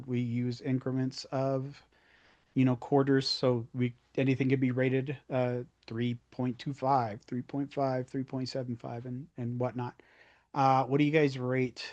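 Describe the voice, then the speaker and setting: A man's voice: mid-range voice, darkish tone, lo-fi sound. A man with a mid-range voice leads a casual podcast chat. He talks agreeably and moves the group from one segment to the next. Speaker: podcast host. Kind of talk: casual wrestling review chat.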